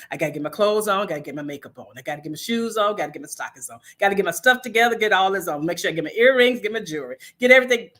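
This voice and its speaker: A middle-aged woman gives a casual faith-based motivational talk as host. She tells stories in an animated, playful way, with bursts of laughter. Her voice sits at a middle pitch. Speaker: host, inspirational speaker.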